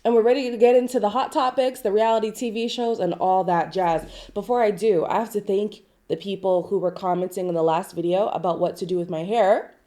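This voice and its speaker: Sick nasal lady doing a gossip vlog, mellow voice, chatty asides, reads stuff out. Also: fairly even intonation, fairly quick, hardly any pauses. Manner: chatty, asides and hedges, swoops up in pitch for emphasis. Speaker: celebrity gossip vlogger. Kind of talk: casual chat to camera, reading articles aloud.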